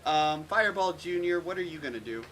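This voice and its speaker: A man's voice: a little high, lively intonation, fairly quick, noisy background. A man running a tabletop game as game master, stammering and repeating words as he narrates.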